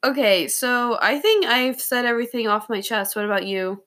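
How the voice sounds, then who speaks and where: A young woman co-hosting a casual movie review chat, expressive and giggly as she retells scenes. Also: a little high, normal speed. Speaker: co-host.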